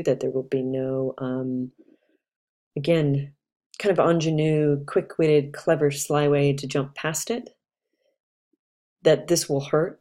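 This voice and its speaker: A woman's voice: low voice, warm tone. A woman astrologer giving a casual, chatty talk, reflective and loose, with fillers and restarts.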